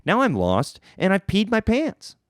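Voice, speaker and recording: A man hosting a podcast, telling a story in a casual, self-mocking way and jumping up in pitch for emphasis. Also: wildly swooping pitch, unhurried, no room sound, studio quality. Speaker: podcast host.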